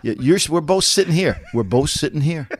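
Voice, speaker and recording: A man's voice: fairly high pitch, animated, a little fast, husky. A man co-hosting a casual sports talk show, rambling with restarts and the odd curse. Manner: rambling, repeats and restarts, swears. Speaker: podcast co-host.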